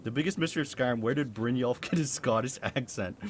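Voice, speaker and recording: A man's voice: mid-range voice, fast talker, slight background noise. A young man streaming a game, talking casually, laughing and swearing often. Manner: animated, swears, laughs a lot. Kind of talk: casual gameplay commentary.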